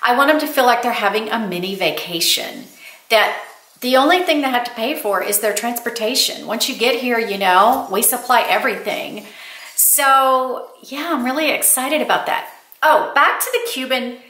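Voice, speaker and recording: A woman's voice: fairly high pitch, animated, normal speed, bright, forceful tone. Older lady vlogging, rambling chatty stories, sounds roomy. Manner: chatty storytelling, addresses viewers as y'all. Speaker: lifestyle vlogger. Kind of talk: casual chat. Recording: roomy echo.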